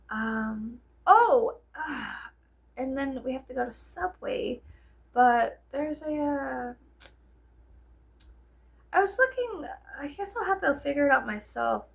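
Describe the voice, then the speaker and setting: A woman's voice: high voice, animated, slow pace, creaky, pauses often, breathy edge. A young woman with a Southern US accent, chatting casually to camera at home, rambling, swearing, and slipping into whispers. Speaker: vlogger.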